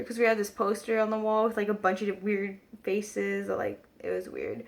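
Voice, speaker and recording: Chatty vlogger woman with vocal fry. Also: medium pitch, lively intonation, normal speed, hardly any pauses, fairly bright tone. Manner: rambling, lots of filler "like". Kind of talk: casual storytime vlog.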